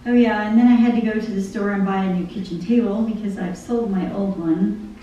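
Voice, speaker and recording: A woman's voice: medium pitch, fairly even intonation, fairly quick, warm tone, dull audio. A woman giving a conversational devotional talk, chatting about her busy week and listing chore after chore. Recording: very echoey room from far off, faint hum.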